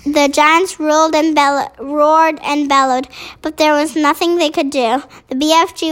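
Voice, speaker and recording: A woman with a high voice reads a children's storybook aloud at an unhurried pace. She often trips over words and goes back to fix them. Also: fairly bright tone. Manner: halting, stumbles and corrects words. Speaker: reader.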